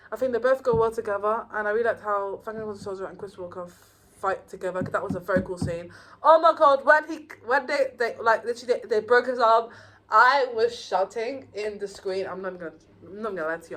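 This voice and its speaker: Excitable rambling young woman reviewer. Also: medium pitch, rough recording. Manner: rambling, excitable, many fillers and restarts. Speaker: YouTuber reviewing TV shows. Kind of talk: casual spoken review.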